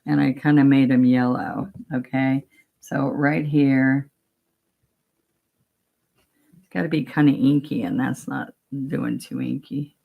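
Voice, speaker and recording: A woman's voice: very deep voice, fairly even intonation, slow, vocal fry, pauses often, narrow, tinny audio. A woman teaching a painting demo, chatting casually step by step and talking to herself as she works. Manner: chatty, talks to herself while working, gently coaxing. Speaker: painting instructor.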